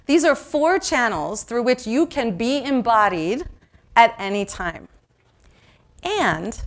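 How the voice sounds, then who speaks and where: A woman from New York leading an interactive seminar, talking lively and asking the audience questions. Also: fairly high pitch. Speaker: workshop presenter.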